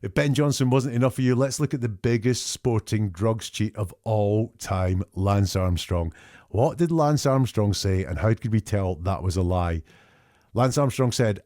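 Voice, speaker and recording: On a clean studio recording with no echo, a man with a mellow, lowish voice hosts a show of analytical commentary on public denials. He talks conversationally, picking quotes apart word by word, point by point.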